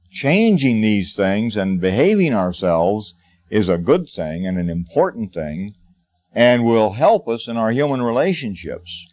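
A man earnestly teaching about Christian life, speaking deliberately and with emphasis, often repeating himself. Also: on the low side, darkish tone. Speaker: Christian teacher answering a question. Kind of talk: unscripted spoken teaching. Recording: dull lo-fi recording.

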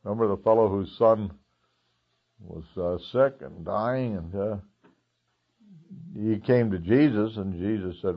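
Preaching in a conversational style, this man speaks at a measured pace with frequent pauses, his lowish voice slightly rough. He chuckles occasionally and keeps restarting, dropping plenty of "uh"s along the way. The audio is dull and lo-fi.

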